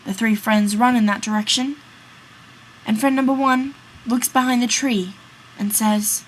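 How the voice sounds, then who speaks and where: A woman's voice: a little high, steady tone, slight background noise, low-quality recording. A woman narrating a classic tale in a read-aloud story summary. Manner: slow, storytelling.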